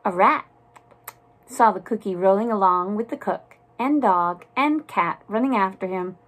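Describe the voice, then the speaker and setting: A woman reading a children's storybook aloud in a soft, deliberate narrating voice. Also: medium pitch. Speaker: storybook reader.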